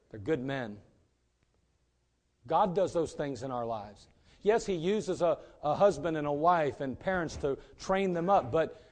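A man preaching a sermon as pastor, emphatic and rising to loud peaks. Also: on the high side.

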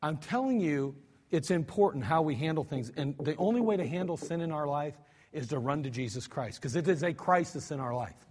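Male pastor, high-pitched, animated sermon delivery, archived church recording with long reverb. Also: a little fast, husky. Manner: animated, acts out cries and mock cussing, many restarts. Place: church sanctuary.

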